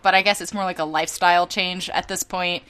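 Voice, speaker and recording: A woman's voice: lowish voice, a little fast, a little hiss or hum. A young woman from Northern California, co-hosting a podcast and telling a comic everyday story with dramatic, swearing asides. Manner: animated, dramatic, swears and laughs often. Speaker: podcast co-host. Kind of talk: casual storytelling chat.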